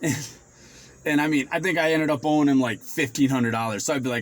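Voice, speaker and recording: A man's voice: fairly high pitch, a little fast. Rambling male vlogger telling stories. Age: 40s. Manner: rambling, animated when quoting himself, swears freely. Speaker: finance vlogger. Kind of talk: casual storytelling vlog.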